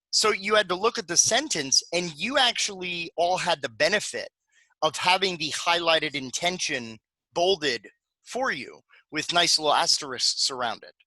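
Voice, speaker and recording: A man's voice: fairly high pitch, bright, forceful tone, no echo, low-quality recording. A man presenting a panel talk on games, speaking conversationally with many fillers and restarts.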